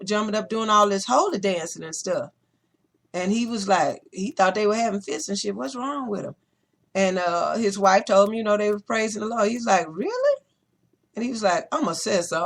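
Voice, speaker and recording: A woman hosting a podcast in casual opinion-show style, talking bluntly and profanely and telling animated stories. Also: mid-range voice. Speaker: podcast host. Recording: podcast recording.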